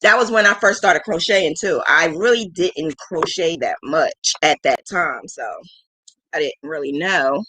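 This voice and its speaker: This livestream host, a woman in her thirties, speaks low and unhurried, her bright tone forceful with a breathy edge. Her casual chat wanders frankly, full of laughter and jokes at her own expense, candid and self-deprecating.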